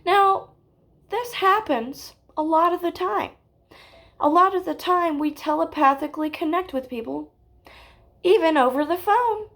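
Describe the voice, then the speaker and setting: A woman giving a deadpan parody of a spiritual lecture, stretching out her phrases and tagging them with "okay?". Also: very high voice, a little slow. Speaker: mock spiritual teacher.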